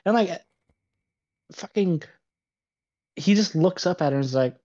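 A young man co-hosting a podcast, telling a bar story in lively casual talk full of swearing. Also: high voice, a little slow, lo-fi sound. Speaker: podcast co-host. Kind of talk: casual chat.

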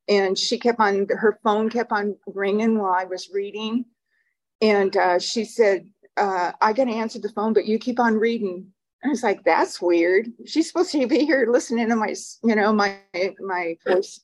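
A woman's voice: mid-range voice, rough recording. An older woman speaking at a recovery meeting, telling personal stories in a loose, rambling way full of fillers. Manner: rambling, warm storytelling with fillers and laughs. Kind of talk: personal testimony talk. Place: meeting room.

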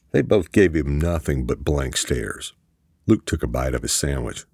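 A man narrating a thriller audiobook in a steady storytelling manner. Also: rumbling low, unhurried, creaky, slightly rough, no echo, clean studio sound.

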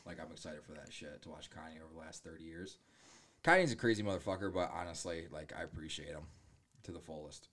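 A man's voice: rumbling low, quick pace, fairly bright tone, slight background noise. A young man co-hosting in casual chat, easygoing and joking. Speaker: podcast co-host.

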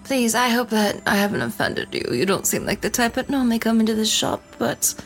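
A woman voicing a smooth-talking, flattering shopkeeper who calls customers darling. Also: fairly high pitch, a little fast, faint music behind. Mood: coaxing. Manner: coaxing, calls people darling. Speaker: game master.

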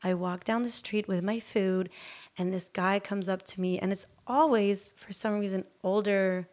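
A woman, a podcast guest from Turkey, telling a story in casual chat, animated and acting out moments. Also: medium pitch, moderate pace. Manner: animated storyteller, acts out her own shouts.

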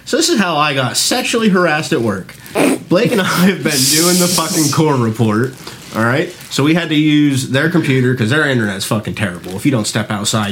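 A man's voice: mid-range voice, heavy background noise. A man casually telling profane stories from his job on a podcast, acting out what people said. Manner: animated, swearing often, acting out quotes.

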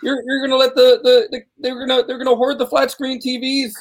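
A man putting on a whiny, high-pitched impression of a preachy male pundit, in a strained squeak. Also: flat delivery, fairly quick. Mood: frantic whine. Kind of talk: mocking impression.

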